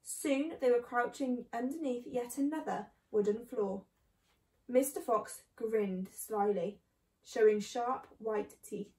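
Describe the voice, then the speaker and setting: Woman storyteller, children's book, steady reading, roomy recording. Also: a little high, slow pace, recorded from a distance. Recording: echoey room.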